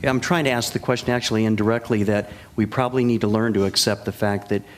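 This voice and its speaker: Low-voiced male talk show host. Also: fairly even intonation, fast, noisy background. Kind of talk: conversational interviewing.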